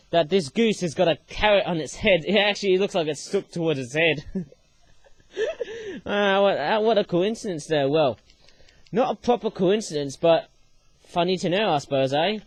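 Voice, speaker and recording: Young male host, casual rambling review delivery, slightly high pitch, dry recording. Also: a little mellow, no room sound. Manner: rambling, ends phrases with tag words. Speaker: channel host reviewing his own origami toys.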